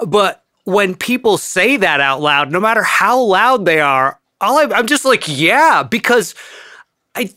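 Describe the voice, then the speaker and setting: Man from the Adirondacks, co-hosting a studio podcast, high-pitched and very lively, dry humor. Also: measured pace, no room sound. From Adirondacks, New York. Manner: dry, wry asides. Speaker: podcast co-host. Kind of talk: casual podcast conversation.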